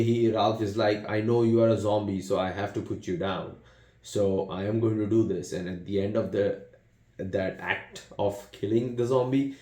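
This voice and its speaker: Slow, low-voiced man reviewing a film. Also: mellow, roomy sound. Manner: rambling, retells scenes, many fillers and restarts. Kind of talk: casual spoken movie review.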